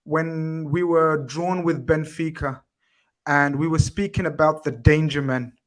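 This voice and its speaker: A man's voice: a little high, fairly even intonation, measured pace. A man hosting a casual football chat show, chatty and teasing his guests. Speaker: podcast host.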